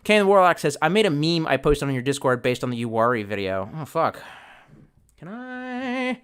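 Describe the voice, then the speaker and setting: A man talks off the cuff on a home livestream, reading out chat comments between long profane tangents. His voice is bright and forward and sits a little high for a man. He keeps cutting himself off mid-sentence and starting again. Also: sing-song, moderate pace, clear, resonant tone. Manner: rambling, profane, self-interrupting. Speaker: livestream host.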